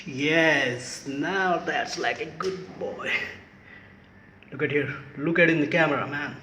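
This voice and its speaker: A man's voice: fairly high pitch, slow, echoey room, noisy background. A man filming and coaxing a pet in casual, playful talk, repeating himself over and over. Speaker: pet owner filming a cat.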